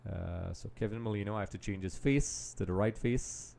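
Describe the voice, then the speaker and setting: A man hosting a live football watch-along, chatting straight to viewers and often dropping into quiet mutters while he multitasks. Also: lowish voice, moderate pace, gravelly. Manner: distracted, multitasking while commenting; trails off into quiet mutters and restarts. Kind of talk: casual live match commentary.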